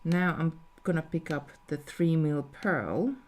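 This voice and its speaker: A woman's voice: sits low, slow. A woman talking through a live beading tutorial step by step, thinking aloud as she works. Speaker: jewellery designer teaching beading.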